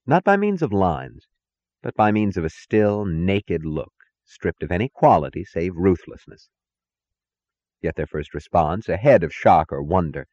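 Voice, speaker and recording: A man reads a novel aloud in a measured, dramatic way. His voice sits low, and the recording is dry and a little dull. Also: darkish tone, no room sound. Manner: measured, dramatic reading with distinct character voices. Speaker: audiobook narrator. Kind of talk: scripted narration.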